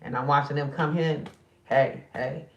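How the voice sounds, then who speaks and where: A woman's voice: very deep voice, steady tone, moderate pace, echoey room, recorded from a distance, highs cut off. A tired woman talking at night to her viewers in a casual, emotional vlog. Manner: tired, emotional, talks straight to viewers as sisters. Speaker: spiritual card reader and channel host.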